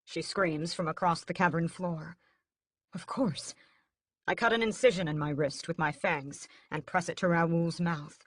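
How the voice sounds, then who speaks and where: Woman audiobook narrator, lowish voice, dry close sound, steady dramatic read. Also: moderate pace, few pauses, dry recording. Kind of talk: first-person audiobook narration.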